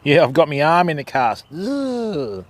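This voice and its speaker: A laid-back Australian man talks easily to his livestream viewers from an outdoor campsite. His voice sits a little high and moves up and down freely as he banters. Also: big pitch swings, a little slow. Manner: easygoing, chatty, laid-back Aussie banter. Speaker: fishing livestream host. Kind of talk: casual live chat with viewers.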